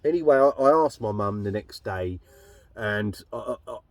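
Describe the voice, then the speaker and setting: A man with a fairly low voice tells his own story in a loose, rambling monologue. He talks bluntly and swears a lot. The sound is close and dry, with no room echo. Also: animated, normal speed.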